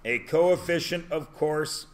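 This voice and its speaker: Slow-talking male math teacher. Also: on the high side. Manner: joking, drawn-out teacherly questions. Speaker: high school math teacher. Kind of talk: classroom lecture. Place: classroom.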